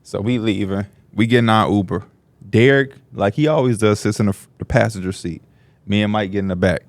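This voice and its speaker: In a dry recording, a podcast co-host speaks briskly, telling stories in casual conversation. He acts out quoted people animatedly, jumping widely in pitch for their voices.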